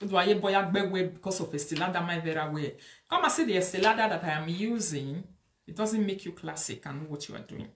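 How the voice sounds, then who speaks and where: A woman's voice: lowish voice, expressive, fast talker, roomy sound. Scolding woman with Nigerian Pidgin accent. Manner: preachy, lecturing, mixes Pidgin and Yoruba-like phrases. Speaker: online commentator. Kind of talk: scolding social media commentary.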